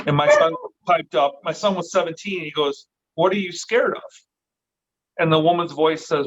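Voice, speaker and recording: A man's voice: fairly high pitch, moderate pace. A middle-aged man, a podcast guest, telling a story casually and acting out the voices he quotes, with the odd swear word. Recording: dull lo-fi recording.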